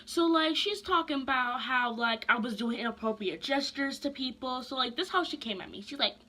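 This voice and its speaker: A young woman vlogger tells a casual storytime in a bright, crisp voice that sits a little high. She talks in a chatty, animated way, full of slang and quick asides. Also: a little hiss or hum.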